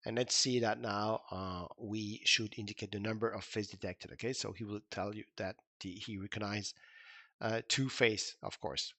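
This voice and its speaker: A man's voice: fairly low pitch, steady tone, moderate pace, bright, forceful tone, dry recording. A man giving an informal coding tutorial, thinking aloud with many fillers and restarts. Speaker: instructor. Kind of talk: screen-recorded coding tutorial.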